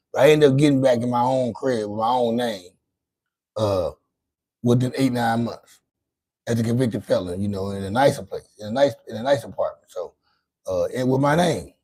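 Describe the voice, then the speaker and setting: A man with grown children hosts a casual late-night livestream, talking loosely, rambling and swearing, often repeating and restarting his words. His mid-range voice has a darkish tone, and the recording is rough.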